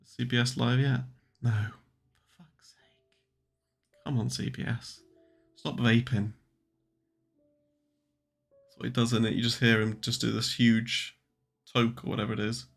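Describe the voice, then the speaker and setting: A young man hosts a casual trading livestream into a desk mic. His gravelly voice has a medium pitch. He jokes and swears as he answers the chat, with faint music playing behind him. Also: little pitch movement, normal speed, long pauses. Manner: joking, swearing, answering viewers' questions.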